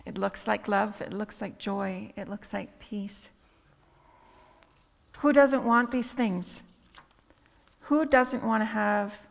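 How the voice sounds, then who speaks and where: A woman preacher giving a conversational sermon, full of rhetorical questions and quick "right?" asides. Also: medium pitch, creaky. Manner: conversational, asks many rhetorical questions with tag questions. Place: church hall. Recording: long reverb in a hall with faint music.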